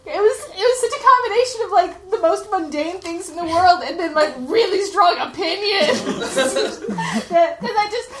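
High, lively self-mocking young woman. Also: moderate pace. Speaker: performer reading her old teen blog aloud. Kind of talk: comic live reading to a laughing audience. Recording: echoey room with faint noise.

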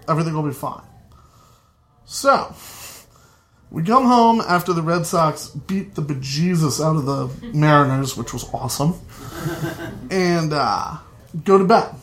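A man telling a comic story to a live audience, lively and loose, swearing freely. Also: fairly high pitch, measured pace.

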